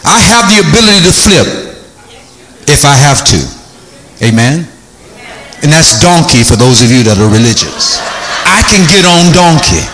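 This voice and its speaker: A middle-aged man preaching an energetic sermon, shouting in bursts and acting out different tones of voice. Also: medium pitch, normal speed, pauses often, echoey room, noisy background.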